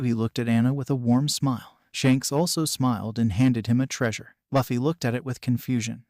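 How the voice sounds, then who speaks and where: A man narrating a fan story in a plain, even read-aloud delivery. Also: medium pitch, brisk, hardly any pauses, no echo, studio quality. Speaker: fanfiction narrator.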